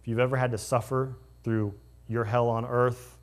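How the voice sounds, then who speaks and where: A man's voice: mid-range voice, moderate pace. Man preaching a conversational sermon. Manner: conversational preaching, swinging from excited to hushed and solemn. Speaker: pastor.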